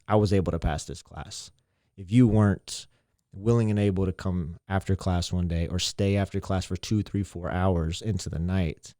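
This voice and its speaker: A man's voice: low voice, mellow, no echo, studio quality. A man, a teacher and mentor, talking earnestly and reflectively in a casual interview, often repeating himself. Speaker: teacher and mentor, podcast guest.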